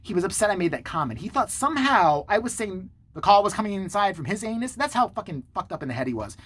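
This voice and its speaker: A man hosting his own channel, telling a story to the camera in a sarcastic, profane, animated way. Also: high voice, fast, breathy edge. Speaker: channel host.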